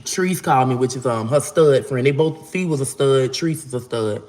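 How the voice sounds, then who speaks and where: A man's voice: medium pitch, moderate pace, darkish tone. A man, casually telling a long, profane story. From Florida. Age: 40s. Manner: profane, rambling, acts out quotes in a raised voice. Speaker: vlogger.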